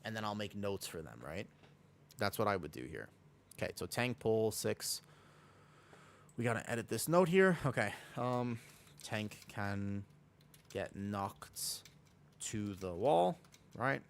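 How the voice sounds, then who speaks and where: Over slight background noise, a man streams a game in a fairly low, creaky voice with lively intonation, speaking slowly and pausing often. His casual chat with viewers rambles and is full of self-corrections, and he has a sore throat and feels a little sick.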